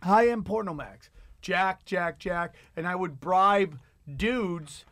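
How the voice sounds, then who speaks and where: A man's voice: high voice, slow, a bit bright, no echo. A man in a podcast studio chatting casually, laid-back and full of profanity.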